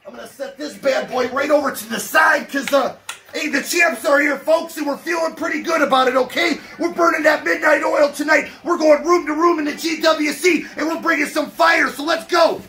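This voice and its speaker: Loud high-voiced hype man. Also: normal speed. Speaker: collector hosting an unboxing. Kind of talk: hyped unboxing vlog. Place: home collection room.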